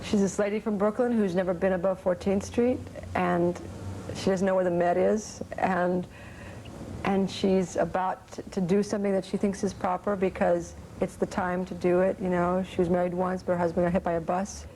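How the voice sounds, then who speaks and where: A woman's voice: lowish voice, flat delivery, normal speed, dark tone, a little hiss or hum, low-quality recording. Chatty woman in an interview. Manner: chatty, rambling with fillers. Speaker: interviewee, actress. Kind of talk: casual interview.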